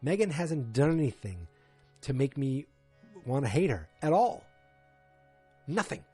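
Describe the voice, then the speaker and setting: Man, 40s, podcast host, rambling, fillers and restarts, exasperated asides, mid-range pitch. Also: sing-song, a little slow, dark tone, husky, soft background music. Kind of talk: casual solo episode recap.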